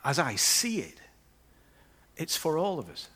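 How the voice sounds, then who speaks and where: A man's voice: on the high side, huge pitch swings, a little slow, sharp tone. A man preaching a sermon as pastor, conversational and with playful asides.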